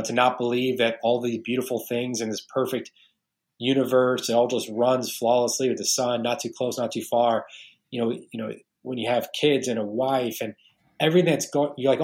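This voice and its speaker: Earnest storytelling man from New York. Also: medium pitch. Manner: earnest storytelling, many restarts. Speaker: podcast guest, realtor. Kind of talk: casual interview talk.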